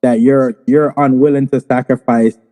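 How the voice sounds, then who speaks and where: Man with a very dark, mellow voice. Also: medium pitch, fairly even intonation, normal speed, long reverb tail. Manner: probing, challenging questions. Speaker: podcast panelist. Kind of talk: casual podcast discussion.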